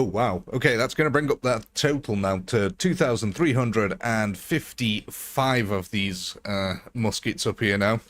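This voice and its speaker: A man's voice: lowish voice, a bit bright. A man hosting a live game stream in a casual, chatty, jokey way, laughing often.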